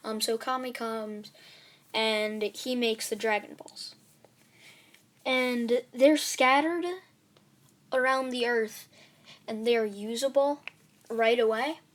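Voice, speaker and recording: A woman's voice: on the high side, fairly even intonation, slow pace, long pauses. A woman casually telling a fan story to her viewers, rambling with lots of fillers. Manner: rambling, filler-heavy retelling.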